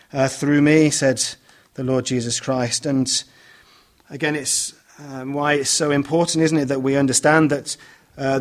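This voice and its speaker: A man preaching a sermon, speaking in a measured way with many "uh" fillers and restarts as he reads scripture aloud and explains it. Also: a little high.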